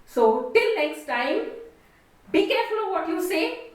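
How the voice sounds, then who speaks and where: A woman with an Indian accent teaching a communication lesson. She stresses her words deliberately and expressively. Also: very high-pitched, sing-song. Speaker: communication trainer. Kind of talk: spoken lesson. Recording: echoey room, distant mic.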